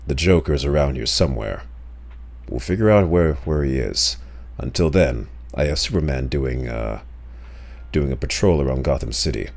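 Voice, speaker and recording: A man doing an impression of a brooding, stern male caped vigilante from an animated series, in a deep gruff voice. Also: full character voice.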